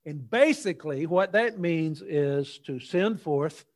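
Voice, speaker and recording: Male pastor, slightly raised voice, unhurried and folksy, delivering a church sermon. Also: fairly high pitch, expressive. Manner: folksy, unhurried storytelling with jokes.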